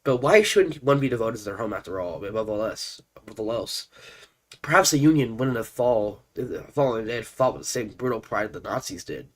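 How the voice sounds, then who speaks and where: A man streaming a strategy game, reading its story text aloud and chatting excitably, stumbling over names, stuffed up with allergies. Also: fairly low pitch, brisk. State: congested with allergies.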